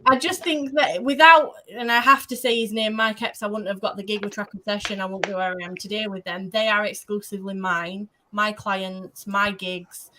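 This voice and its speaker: A woman's voice: mid-range voice, steady tone, moderate pace, few pauses, pushed and bright, slight background noise. A woman talking as a guest motorsport photographer on a casual podcast, enthusiastic and rambling in her storytelling.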